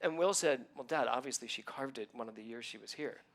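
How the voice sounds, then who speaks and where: A middle-aged man, a minister, telling a personal story in a sermon, acting out what others said with lively ups and downs. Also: mid-range voice, a little fast, slight background noise. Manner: animated storytelling, acting out quoted voices.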